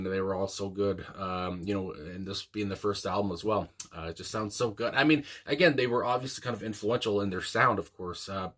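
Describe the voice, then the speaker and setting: A young man chats casually about a song he just heard, rambling and enthusiastic, with plenty of ums and uhs. His voice sits fairly low but sounds bright and forceful. He comes across as an eager host thinking aloud. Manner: rambling and enthusiastic, with frequent fillers. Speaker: music reaction channel host. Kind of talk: casual music reaction commentary.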